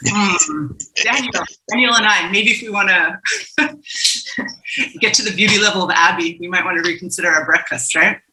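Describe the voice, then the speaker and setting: A woman's voice: fairly low pitch, moderate pace, sharp tone, slight background noise. Woman facilitator, upbeat and playful, calls on people by name; video call audio in an echoey room. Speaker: facilitator leading a warm-up game.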